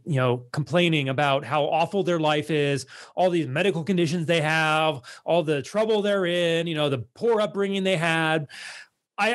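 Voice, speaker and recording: A man speaking to his followers in a blunt, exasperated monologue, full of filler words and repeated refusals. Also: high-pitched. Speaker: online content creator.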